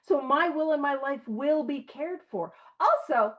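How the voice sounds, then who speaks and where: A woman with a high voice leads a recovery study over an online call, earnest and emphatic, dropping in quick asides. The sound is dull and lo-fi, like audio from a video call. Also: lively intonation. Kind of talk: conversational study talk.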